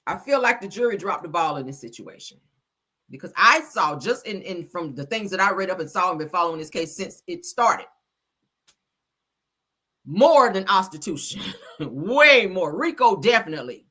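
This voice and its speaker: Hosting casual news commentary, this woman speaks at normal speed in a lowish voice, animated and blunt, swearing freely and addressing her viewers head-on.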